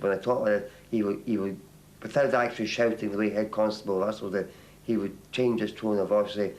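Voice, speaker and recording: An older man from Northern Ireland speaks in a low voice, recalling events slowly. He halts and repeats words as he goes. A faint hiss sits under the recording. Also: steady tone. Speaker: interviewee. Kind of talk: documentary testimony.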